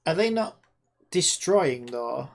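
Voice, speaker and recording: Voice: mid-range voice, sing-song, takes it slowly, creaky. A game developer talking to themself while working, muttering and swearing in frustration at the screen. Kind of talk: casual self-talk while coding.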